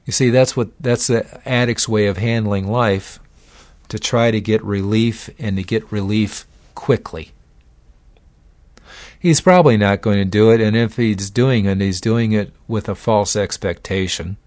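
Low-voiced folksy male lecturer. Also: a little slow, darkish tone, no room sound. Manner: folksy, conversational, uses acted-out examples. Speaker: lecturer on addiction and psychology. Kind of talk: informal lecture.

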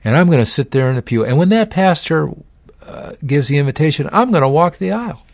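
A man's voice: a little high, lively intonation, brisk, gravelly, dry recording, voice pushed up. A man acting out an overzealous churchgoing man who fervently declares he will be cured instantly. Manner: fervent, breathless, preachy.

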